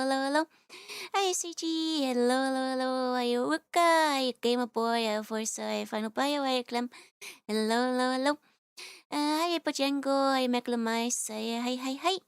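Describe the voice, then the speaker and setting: Brief: young female streamer, bright higher voice, smooth and clean, bubbly and giggly, close dry mic. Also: no room sound. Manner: bubbly, giggly, greets chat in quick repeated hellos. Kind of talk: casual live-stream chat.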